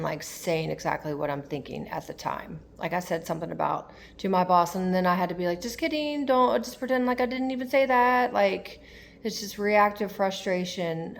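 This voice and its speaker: A woman's voice: lowish voice, gravelly, slight background noise. A young woman talking candidly in a personal vlog, rambling and confessional with lots of fillers. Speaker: tarot vlogger.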